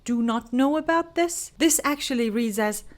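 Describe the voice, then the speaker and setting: A young woman, an English teacher giving an unhurried pronunciation lesson to camera, explaining each word with example sentences. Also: fairly high pitch. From Turkey.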